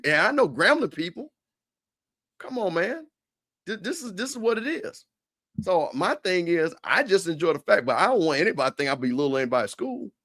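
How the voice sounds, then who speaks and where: A man hosting a casual livestream, trash-talking in an animated way with stammered restarts. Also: sits high. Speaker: show host.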